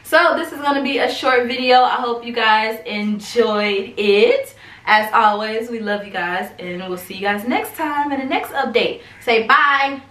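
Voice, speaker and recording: A woman's voice: fairly high pitch, measured pace, a bit bright. A woman giving a casual vlog update as a mother, chatting to viewers and her baby at home. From United States. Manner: chatty, talks to baby between remarks. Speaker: vlogger mom. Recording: roomy, somewhat distant mic, faint ambience.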